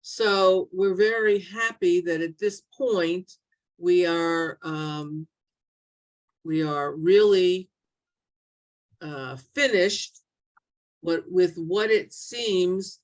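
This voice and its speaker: Middle-aged woman, online Bible teacher; unhurried, halting delivery with frequent fillers, slightly low voice. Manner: slow, halting, many fillers and restarts. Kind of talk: online Bible study lesson. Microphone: video call.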